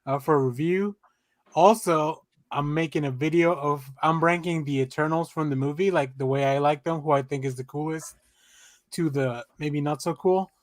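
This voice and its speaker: A man's voice: fairly high pitch, moderate pace, no echo. A man chatting as a guest, upbeat as he promotes his own podcast. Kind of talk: casual chat.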